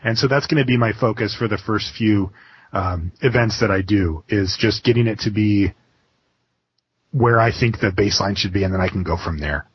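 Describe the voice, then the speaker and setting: A man telling a story as a podcast interview guest, excited and rambling, with many restarts and fillers. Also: fairly low pitch, normal speed, slightly rough, dry recording. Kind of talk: casual interview. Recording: dull lo-fi podcast audio.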